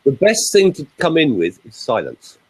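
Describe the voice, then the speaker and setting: A man's voice: on the high side, a little hiss or hum, poor audio. A man coaching on voice use in an emphatic, demonstrative way, speaking on a group call. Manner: emphatic, animated, demonstrating pauses.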